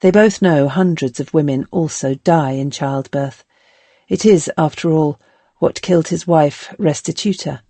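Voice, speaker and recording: A woman narrating a historical novel as an audiobook in a calm, measured storytelling manner. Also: low voice, no echo.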